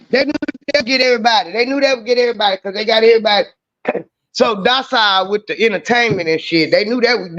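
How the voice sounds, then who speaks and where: A woman's voice: fairly high pitch, a bit bright. A woman in casual chat, telling stories emphatically and swearing freely. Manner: emphatic, profane, storytelling. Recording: dull lo-fi audio.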